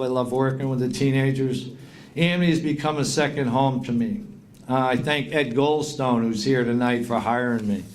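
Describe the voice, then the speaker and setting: A man's voice: mid-range voice, a little hiss or hum. Heartfelt middle-aged man giving a speech. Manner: heartfelt, grateful, reads out long lists of names. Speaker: hall of fame inductee. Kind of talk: acceptance speech. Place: induction banquet.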